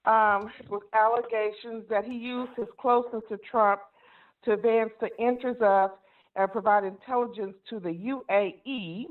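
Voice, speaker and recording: A woman's voice: on the high side, steady tone, normal speed. Woman caller on a tinny phone line. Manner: reads names and details carefully. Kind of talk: reading out a list on a call-in show.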